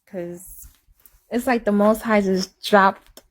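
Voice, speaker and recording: A young woman, chatting casually on a live stream, rambling and repeating herself, dipping to a hush and then rising into giggly high exclamations. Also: fairly even intonation, slow pace. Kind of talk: casual confessional chat. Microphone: phone.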